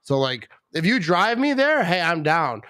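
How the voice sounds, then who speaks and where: A man's voice: fairly high pitch, big pitch swings, unhurried, sharp tone, no echo, clean studio sound. A middle-aged man from Wisconsin hosting a podcast, a little tipsy, rambling in a loose way with lots of "like" and "bro". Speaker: podcast host. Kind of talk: casual podcast chat.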